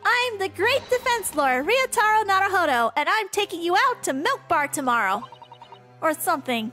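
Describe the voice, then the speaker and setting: A woman's voice: extremely high pitch, big pitch swings, normal speed, pushed and bright, faint music behind, full character voice. A woman reading a brash young lawyer. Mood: cheeky. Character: young male defense lawyer, cheerful and bold.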